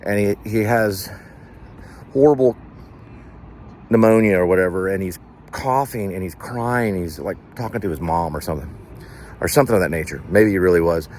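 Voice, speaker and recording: A man's voice: low voice, moderate pace, long pauses, a little mellow, slight background noise. A man hosting a casual vlog, telling a rambling, digressive story full of fillers and restarts, recorded in a car. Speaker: vlog host.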